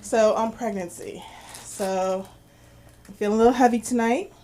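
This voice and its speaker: A woman's voice: on the high side, fairly even intonation, normal speed, mellow, a little hiss or hum. A woman in her forties from New York doing a stand-up set with dry musings on a small club stage. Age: 40s. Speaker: stand-up comedian. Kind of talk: stand-up set at an open mic.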